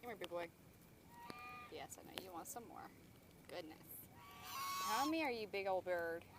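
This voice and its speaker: Filmed on a phone outdoors, a woman feeds geese at a park, coaxing them along in a sing-song, laughing way and swearing casually. Her lowish voice has lively intonation and a normal speed. Loud outdoor noise and honking geese fill the background.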